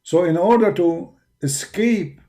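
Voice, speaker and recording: A man from the Arab world with an Arabic accent, speaking English as a second language with broken grammar, arguing forcefully in a preaching monologue. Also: high voice, slow. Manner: forceful, argumentative, with non-native grammar. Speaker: religious debater.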